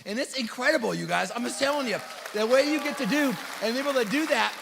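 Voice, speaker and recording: High-pitched man giving a hall stage pep talk. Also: fast talker, vocal fry, crowd noise, noisy background. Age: middle-aged. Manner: punchy, repeats "right?" and "you guys", swings from loud to hushed. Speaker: company leader speaking at a convention. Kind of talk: motivational stage speech. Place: large event hall. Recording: long hall reverb.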